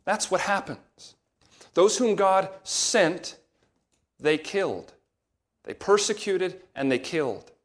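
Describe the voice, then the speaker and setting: A man preaching an expository sermon, measured and emphatic, slowing down to stress key words. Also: sits high, animated.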